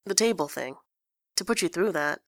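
A woman's voice: on the low side, animated, moderate pace, fairly bright tone, no room sound, studio quality. A woman voicing an anxious, self-deprecating young man who speaks hesitantly. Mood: earnest. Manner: hesitant, earnest.

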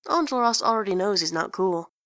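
A woman's voice: medium pitch, lively intonation, brisk, a bit bright, no room sound. A woman voicing a guarded, tired young woman who talks tersely and dryly. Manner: terse, dry.

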